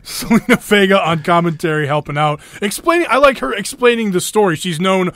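A man's voice: sits high, a little fast, a bit bright, no echo, clean studio sound. A man co-hosting a casual wrestling podcast, laughing often and stumbling over names. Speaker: podcast co-host.

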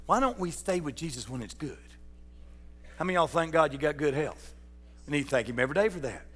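A man's voice: fairly high pitch, a bit bright, big-room sound. A man preaching a sermon as pastor, folksy and joking, putting questions to his congregation. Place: church sanctuary.

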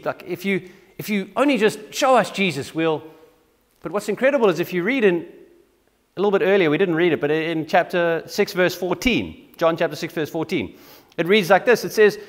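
A man's voice: high voice, expressive, brisk, in a large hall. A man preaching a sermon in a conversational, self-deprecating way with frequent restarts. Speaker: pastor. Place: church.

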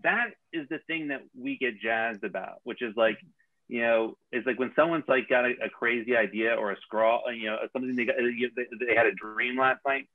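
A man's voice: mid-range voice, normal speed. Guy showrunner rambling on a video call, lots of restarts, thin phone-ish sound. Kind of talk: casual interview talk. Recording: tinny phone-like line.

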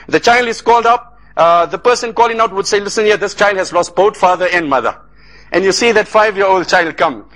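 A man's voice: high-pitched, a bit bright. A man from South Africa giving an emotional sermon, telling stories in repeated cadences with Arabic phrases mixed in. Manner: impassioned, repetitive cadences, sprinkled with Arabic phrases. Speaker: Islamic lecturer.

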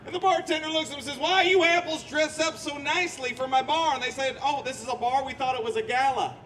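A man's voice: very high voice, steady tone, fast, bright, forceful tone, distant mic, a little hiss or hum. A man playing a polite, hesitant cowboy contestant telling jokes at a street show. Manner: hesitant, polite, lots of ums. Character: good-natured male cowboy contestant. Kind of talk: live street comedy show.

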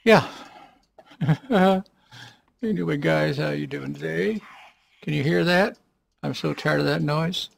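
A man giving casual, rambling commentary while playing a survival game, often clearing his throat. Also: on the high side, normal speed, a little hiss or hum. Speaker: let's play gamer.

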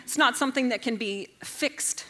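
Lady comic in her 40s, self-mocking, kinda high bright voice. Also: normal speed. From Canada. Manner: animated, self-mocking, jumps into loud character lines. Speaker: comedian. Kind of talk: stand-up storytelling talk. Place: stage at a live event.

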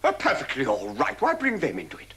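A man plays a haughty, easily offended gentleman in an old radio comedy. His voice is bright and sharp and leaps all over the place as he protests. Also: medium pitch, huge pitch swings, quick pace, slightly rough, full character voice. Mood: indignant. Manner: haughty, affronted. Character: fussy indignant man insisting on his dignity. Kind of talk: vintage radio comedy acting.

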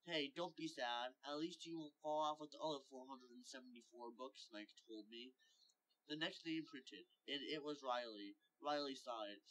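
A man's voice: medium pitch, moderate pace, pushed and bright, poor audio. A man reading a homemade story aloud, stumbling over words now and then and lifting his voice for the characters' lines.

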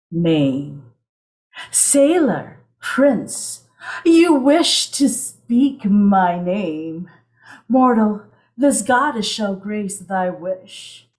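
A woman performing a poem as a seductive, commanding mermaid goddess, drawing out words and adding soft cymbal sounds with her mouth. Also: mid-range voice. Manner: slow, teasing, drawn-out delivery with vocal cymbal sounds. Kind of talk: performance poetry.

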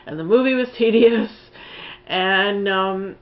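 A woman's voice: medium pitch, takes it slowly, highs cut off. A woman giving a casual spoken film review, blunt and profane, rambling with lots of fillers.

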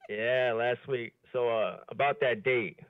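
A man's voice: mid-range voice, unhurried, no echo. Flirty guy calling in over a tinny phone line, eager, mid voice. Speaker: caller. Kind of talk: casual flirty phone chat.

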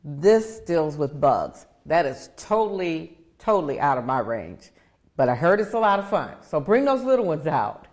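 A woman's voice: deep voice, big pitch swings, normal speed, a little mellow. Cheerful woman reading local events. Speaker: co-host of a county TV live show. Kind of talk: casual live show chat.

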